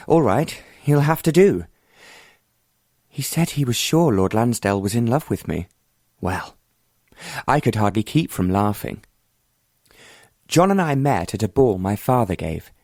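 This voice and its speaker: A man voicing a bold, determined young woman who speaks frankly and confidingly, in a mid-pitched voice with little room sound. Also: lively intonation, unhurried, long pauses, darkish tone, no room sound, clean studio sound.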